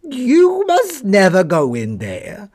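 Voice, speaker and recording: A man voicing a hoarse old male yard dog that barks its warnings. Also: high-pitched, huge pitch swings, slow, a little mellow, pitched above the performer's own voice, exaggerated voice. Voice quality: hoarse, barking.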